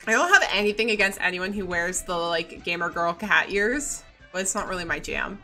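A woman's voice: lowish voice, lively intonation, moderate pace, sharp tone, faint music behind. A woman streamer chatting casually and playfully with her viewers, giggling often and reading chat aloud.

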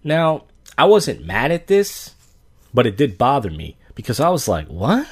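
A man's voice: mid-range voice, huge pitch swings, normal speed, slightly rough. A man hosting a podcast, telling stories in a blunt, profane casual rant and acting out dialogue. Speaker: podcast host.

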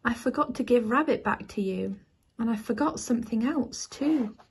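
A woman voicing a busy, hurried mother in a read-aloud storybook, coaxing and softly urgent. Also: on the high side, slightly rough. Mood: tender.

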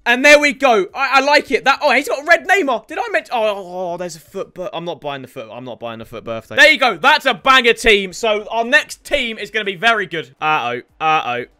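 Young male gaming host, high and sharp-toned, lively gameplay commentary. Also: a little fast, hardly any pauses. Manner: excitable, shouts at players, swears, self-mocking. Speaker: gaming YouTuber.

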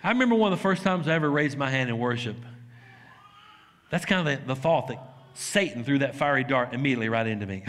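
Animated pastor in a reverberant church. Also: male voice, mid-range voice, fairly quick. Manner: animated storytelling, laughs and shouts while acting out scenes. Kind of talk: sermon. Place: church sanctuary. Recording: long hall reverb.

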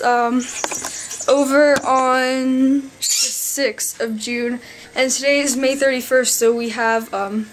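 A teenage girl in her bedroom, chatting to her camera in a rambling, excitable vlog while out of breath. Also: high voice, slight background noise. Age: teens. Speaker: vlogger. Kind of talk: casual vlog chat.

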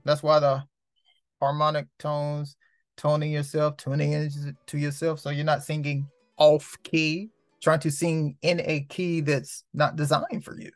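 A man's voice: fairly high pitch, no room sound, clean studio sound. A man hosting his own show in a casual, profane monologue full of street slang, preaching and repeating lines for emphasis. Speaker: host.

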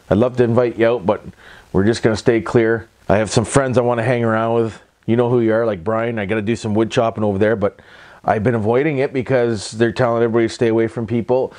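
A Canadian man of medium pitch and a slightly mellow sound records a vlog voice-over into a microphone. His Canadian-accented delivery is casual and folksy, rambling, and thick with catchphrases and tag questions.

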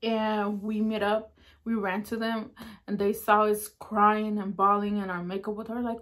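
A woman hosting an eating show, telling a spooky story in a casual, chatty way, using "like" constantly and dropping to a hush at the eerie parts. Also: fairly high pitch, flat delivery, normal speed. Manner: chatty, heavy use of "like" fillers; drops to a hushed tone at eerie moments. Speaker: mukbang host.

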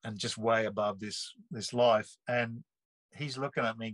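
A man's voice: lowish voice, measured pace, dry recording, rough recording. Man in his sixties, dry sound. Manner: relaxed, rambling, earthy slang with frequent restarts. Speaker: interview guest. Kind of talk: casual storytelling.

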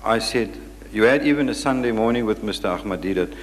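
A man's voice: on the low side, brisk, a little hiss or hum. Firm male chairman in an echoey hall. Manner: firm, insistent, cuts speakers off. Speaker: lecture chairman. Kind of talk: moderating a question session. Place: lecture hall.

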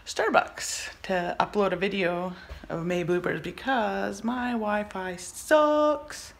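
A woman's voice: medium pitch, slow pace, gravelly, a little hiss or hum, poor audio. A young woman chatting to the camera while hiking, a little out of breath, talking into her phone. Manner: chatty, laughs often, talks to camera. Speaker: vlogger. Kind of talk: casual vlog chat on a hike. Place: outdoors on a mountain trail. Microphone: handheld phone.

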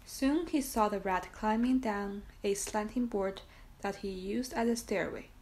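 A woman reading a children's book aloud in a gentle, steady storytelling manner with the odd small slip. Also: medium pitch, measured pace, poor audio.

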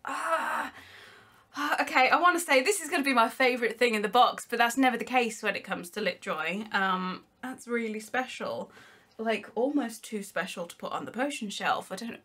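A young woman chatting excitedly while unboxing, gushing and giggly with lots of exclamations. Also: fairly high pitch, brisk. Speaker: unboxing vlogger.

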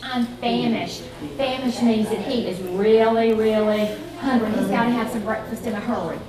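A woman reading a picture book to children at a library, lively and coaxing as she leads chants. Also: a little high, moderate pace, crowd noise. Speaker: children's storytime reader. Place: library room. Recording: echoey library room, mic far off, children around.

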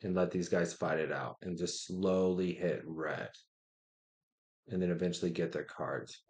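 A man streaming a strategy game, thinking out loud, muttering to himself and trash-talking opponents. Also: low voice, steady tone, measured pace, a little hiss or hum. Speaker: gaming streamer. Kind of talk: live gameplay commentary.

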